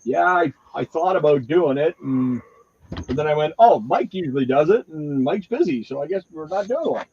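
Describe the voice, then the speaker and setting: A man with a husky voice co-hosting a live card break, chatting and relaying viewer comments. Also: fairly high pitch, expressive, moderate pace, a little mellow, dull audio, a little hiss or hum. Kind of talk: live stream chat.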